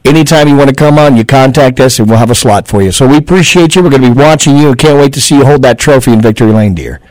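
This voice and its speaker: A man's voice: mid-range voice, fast, darkish tone, no room sound, rough recording. A man hosting a radio racing show, chatting in an enthusiastic, folksy way and heaping praise on his guests.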